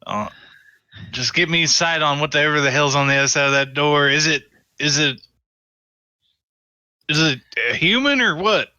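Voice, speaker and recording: A man's voice: fairly high pitch, moderate pace, pauses often, sharp tone, smooth, no echo, studio quality. A man talking as a player in a tabletop game, brash and swearing casually.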